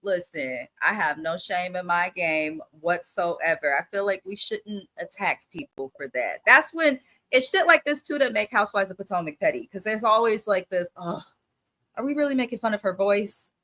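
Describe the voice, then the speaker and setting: A woman from Oakland with a middle-pitched voice, talking bluntly and swearing freely. She punches her points hard in relaxed recap chat. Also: moderate pace. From Oakland, California. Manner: blunt, profane, emphatic. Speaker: co-host.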